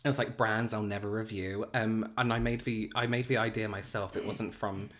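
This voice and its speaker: A man, co-hosting a casual beauty chat, excitable and gushing, laughing often and trailing off mid-sentence. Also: lowish voice, moderate pace. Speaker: podcast co-host, beauty YouTuber.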